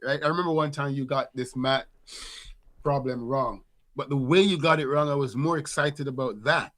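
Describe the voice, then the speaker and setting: A man's voice: mid-range voice, normal speed, fairly bright tone. A middle-aged man and father co-hosting a podcast, talking in a reflective, casual way with many restarts and fillers. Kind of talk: casual conversation.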